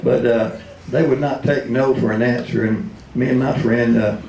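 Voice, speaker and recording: Gravelly joking old radio man. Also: medium pitch, steady tone, moderate pace, darkish tone, slight background noise. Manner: joking, laughing often, doing voices. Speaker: retired radio DJ, convention speaker. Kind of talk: comic storytelling speech. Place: convention hall. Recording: roomy hall.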